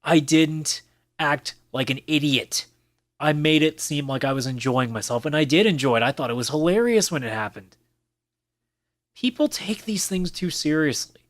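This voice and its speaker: On his casual solo podcast, a man with a slightly high voice speaks at a moderate pace, captured without echo by a camera with a mic on his desk. He talks bluntly, swears plenty, and now and then mimics other players in mocking voices.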